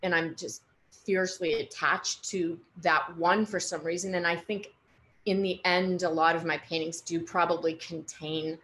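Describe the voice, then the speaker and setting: Halting, hesitant woman artist in her forties. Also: on the low side, fairly even intonation, fairly bright tone. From United States. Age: 40s. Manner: hesitant, halting, many restarts. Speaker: artist guest. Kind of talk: casual conversation.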